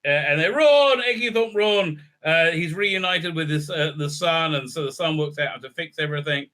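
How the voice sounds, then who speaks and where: A man's voice: on the high side, moderate pace, sharp tone. A man giving a sarcastic, profane recap review full of fillers and restarts. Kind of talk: casual ranting recap.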